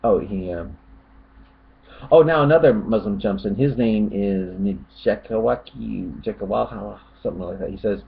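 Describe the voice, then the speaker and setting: A man's voice: lowish voice, moderate pace, gravelly, narrow, tinny audio. A man in casual commentary, reading out online comments and answering them in a mocking, rambling, sarcastic way.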